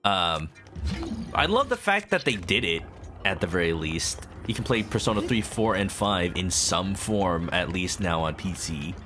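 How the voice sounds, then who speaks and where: A man's voice: sits low, very animated, measured pace. A man streaming a video game, rambling casually to his chat and humming along as he plays. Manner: rambling, talks to chat while playing, hums. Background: video game music.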